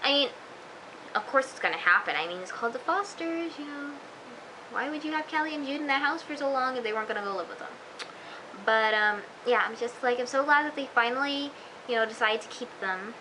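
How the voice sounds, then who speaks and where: A woman's voice: high-pitched, animated, a little fast, noisy background. A woman recapping a TV episode in a chatty, gushing vlog style, full of fillers. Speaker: TV episode reviewer.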